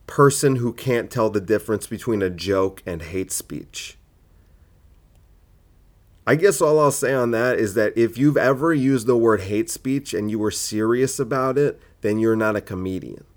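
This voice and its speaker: A man's voice: lowish voice, a little slow. Argumentative male comedian ranting solo. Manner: argumentative, rhetorical questions, many fillers. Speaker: comedian and podcast host. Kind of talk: opinionated solo podcast monologue.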